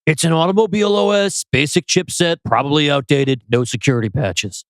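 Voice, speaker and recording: An actor playing a grumpy, paranoid older gay man, gruff and easily exasperated. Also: on the high side, fairly quick, no echo, natural voice. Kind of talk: audio drama acting.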